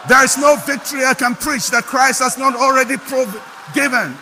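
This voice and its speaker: An older Ghanaian man preaching a sermon as pastor, impassioned and rising to shouts on repeated declarations. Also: high voice, moderate pace, few pauses, big-room sound, slight background noise.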